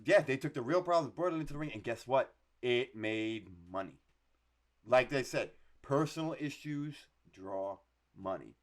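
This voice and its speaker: A man co-hosting a podcast, telling stories in an animated way, swearing freely and laughing often. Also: medium pitch, moderate pace. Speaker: podcast co-host. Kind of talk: casual podcast chat.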